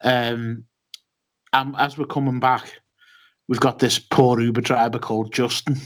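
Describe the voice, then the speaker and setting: A man's voice: medium pitch, little pitch movement, unhurried, a bit bright. A man co-hosting a casual podcast chat, telling a long story with many ums and restarts. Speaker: podcast co-host.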